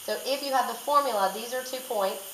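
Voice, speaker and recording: A woman's voice: on the high side, a little fast. A woman teacher talking through a recorded math lesson step by step, repeating key points. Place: classroom. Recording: echoey room, faint noise.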